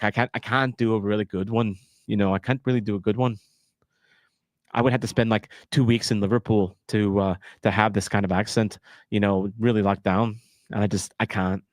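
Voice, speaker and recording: A man's voice: lowish voice, dry recording, studio quality. A man in his thirties hosting a casual live watch-along stream, chatty and self-deprecating, rambling between topics.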